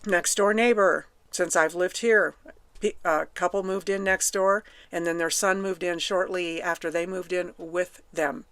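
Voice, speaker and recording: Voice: mid-range voice, fairly even intonation, unhurried, fairly bright tone, clean tone, dry recording. A podcast host telling personal faith stories in an emphatic way, repeating lines for stress. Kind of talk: personal testimony storytelling.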